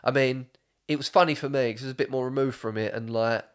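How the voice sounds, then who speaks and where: A man's voice: mid-range voice, fairly even intonation, fast talker, smooth. Chatty, swearing young man telling stories. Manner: swearing, rambling storytelling with laughs. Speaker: podcast host. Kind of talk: casual chat.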